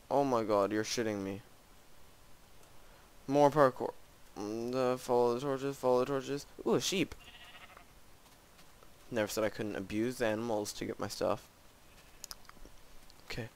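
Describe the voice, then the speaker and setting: Slow-talking gravelly gamer guy. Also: mid-range voice. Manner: frequent gasps and exclamations, self-mocking. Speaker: gamer playing a custom map. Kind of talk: casual let's-play commentary.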